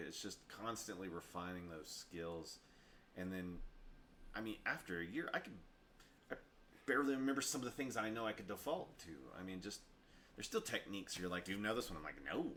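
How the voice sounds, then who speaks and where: A man with a very low, deep voice speaks in a casual podcast conversation. He sounds earnest, and he talks about his own struggles while agreeing readily with the host. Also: lively intonation, fairly quick, sharp tone, a little hiss or hum.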